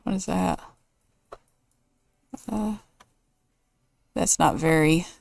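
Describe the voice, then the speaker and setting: A woman's voice: low voice, extremely slow, creaky, no echo. A woman hosting a casual let's play, thinking aloud and weighing choices as she builds. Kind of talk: casual gameplay commentary.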